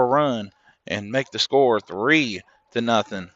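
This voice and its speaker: Male local play-by-play caller, mid pitch, dull dry webcast sound. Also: takes it slowly. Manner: steady play-by-play, rises with big plays. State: coughing, throat irritated. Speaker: play-by-play announcer. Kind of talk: sports commentary. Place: booth at a high school baseball game.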